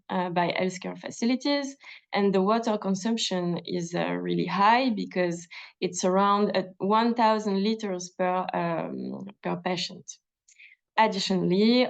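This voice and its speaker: A woman with a French accent giving a webinar presentation as a government official, measured, with frequent hesitations and restarts. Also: mid-range voice, vocal fry. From France.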